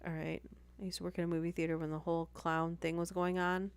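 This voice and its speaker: Low-voiced woman reading stories live. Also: flat delivery, fast, clean tone. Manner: reads aloud, breaking off for chatty asides and apologies. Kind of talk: casual live-stream story reading.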